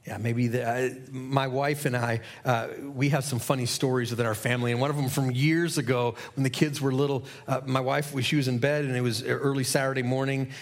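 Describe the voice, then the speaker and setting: A man's voice: mid-range voice, fairly even intonation, brisk, few pauses. A middle-aged man preaching a sermon as a pastor, earnest and conversational, asking the listeners questions.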